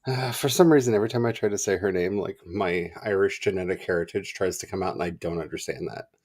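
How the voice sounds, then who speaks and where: A man co-hosting a livestream in casual chat, animated and chatty, laughing often. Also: low voice, fast talker. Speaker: livestream co-host.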